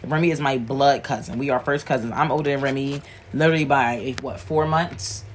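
A woman's voice: a bass voice, a little fast, a little hiss or hum. A grieving woman talking frankly and emotionally to camera while sewing with needle and thread, rambling and swearing freely. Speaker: wig maker working while talking. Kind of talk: candid talk to camera while working.

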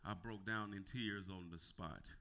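A male pastor preaching a sermon, calling for responses and repeating phrases as he builds to shouting. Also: low-pitched, unhurried, very noisy. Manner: repeats words and restarts phrases.

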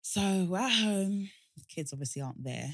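A woman telling a story in casual chat, animated and laughing often. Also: medium pitch, normal speed, no room sound.

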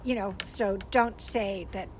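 An older woman and grandmother giving a casual teaching talk about praying with children, telling stories in an animated way and laughing often. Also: medium pitch, measured pace, a little hiss or hum, rough recording. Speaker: Christian speaker.

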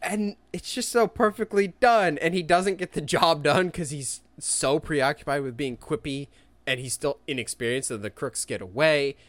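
A man in casual chat as a podcast co-host, enthusiastic and quick to act out excited quotes. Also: on the high side, no echo.

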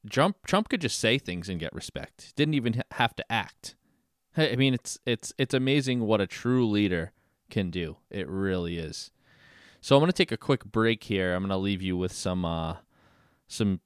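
A man hosts a political podcast in a low, smooth voice, close to a dry mic. He talks casually and stops and restarts, doubling words as he goes. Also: no echo. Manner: halting, repeats words. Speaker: podcast host.

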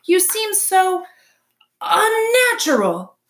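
A woman voicing an excitable, screeching male owl in a read-aloud storybook, high and alarmed. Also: unhurried. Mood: scornful.

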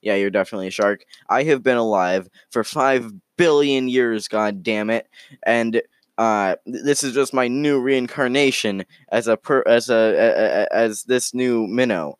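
A man's voice: mid-range voice, measured pace, clean tone, no room sound, clean studio sound, close to an everyday voice. A man voicing an ancient, indignant talking minnow who speaks in a pompous, stammering way.

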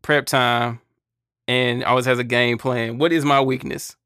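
A man's voice: medium pitch, level tone, unhurried, pushed and bright, smooth, no echo, clean studio sound. Laid-back teasing podcast man. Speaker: podcast co-host. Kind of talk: casual chat.

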